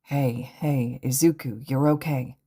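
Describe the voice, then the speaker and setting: A calm, protective teenage boy speaking softly and steadily, read by a woman with a low voice. He sounds earnest and reassuring, in a fan audiobook. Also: slow, husky, full character voice.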